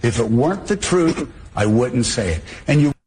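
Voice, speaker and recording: A man's voice: mid-range voice, lively intonation, normal speed, noisy background. A man giving blunt, emphatic political commentary in a defiant tone.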